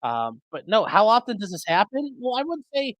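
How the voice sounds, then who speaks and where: Streamer host, male, casual chat to viewers, animated delivery, dry close mic. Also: sits high, normal speed, no echo, poor audio. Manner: chatty, rambling, fixing mic settings mid-stream. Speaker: livestream host reading chat. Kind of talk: casual live commentary. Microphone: streaming desk mic.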